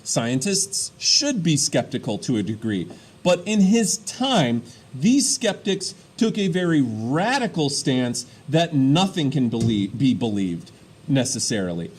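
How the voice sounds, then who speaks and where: A man teaching a history lesson, explaining step by step and often checking in with quick "all right?" and "okay?" asides. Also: medium pitch, very animated, slightly rough. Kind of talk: classroom lecture.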